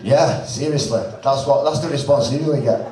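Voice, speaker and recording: A Lancashire stand-up comedian from northwest England delivers blunt, sweary, self-mocking banter in a small comedy club, speaking fairly quickly in a warm, mid-range voice. It's a roomy club recording taken from far off, with the crowd audible and audience laughter in the background.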